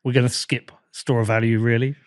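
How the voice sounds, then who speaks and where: A man's voice: mid-range voice, level tone, brisk, dry recording, studio quality. A man hosting an interview, asking long, casual, rambling questions. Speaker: podcast host. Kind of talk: conversational interview.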